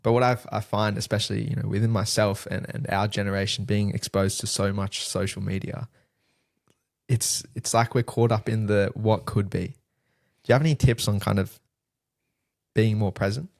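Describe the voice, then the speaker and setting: A man hosting a podcast asks long, rambling questions, full of "you know" and "kind of". His voice is low and gravelly. The sound is dry and close. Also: fairly even intonation, moderate pace, darkish tone, dry recording. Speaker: podcast host. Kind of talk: interview questions.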